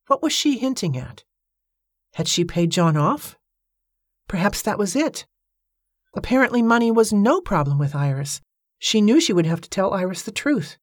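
In clean studio audio with no echo, a fairly low-pitched woman narrates a novel for an audiobook. Her scripted delivery stays measured and even.

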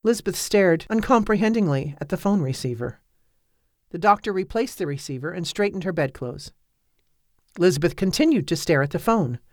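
Brief: woman audiobook narrator, low even read, dead-dry studio sound. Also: no room sound. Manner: measured, even storytelling.

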